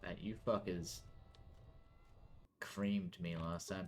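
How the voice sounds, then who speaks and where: A man streaming a video game, chatting casually, swearing and yelling at enemies on screen. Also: mid-range voice, normal speed, a little hiss or hum. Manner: animated, swearing, talks to the game. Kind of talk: casual gameplay commentary.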